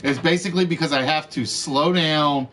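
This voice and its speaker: A man's voice: on the high side, moderate pace, pushed and bright, faint music behind. A man hosting an online game show, chatting casually with viewers and often correcting himself as he talks. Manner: rambling, self-correcting, talking to chat. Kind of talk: casual live-stream chat.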